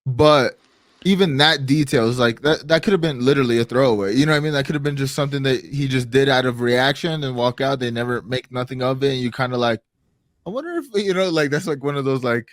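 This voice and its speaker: A man's voice: medium pitch, fast talker, no room sound, studio quality. A man co-hosting a reaction show, chatting in a laid-back, casual way. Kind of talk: casual chat.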